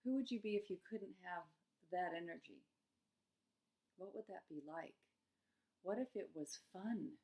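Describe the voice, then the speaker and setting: In an unhurried, musing self-help talk, a middle-aged woman coaches listeners through eating struggles. Her pitch runs on the low side, with long pauses and soft laughter between ideas.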